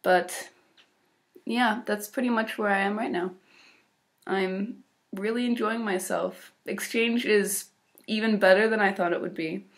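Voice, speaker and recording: Speaking a little slowly in a steady, medium-pitched voice, this teen from Illinois keeps a video diary of her exchange year. The American-accented vlogger sounds casual and upbeat, chatty, with fillers and occasional small laughs.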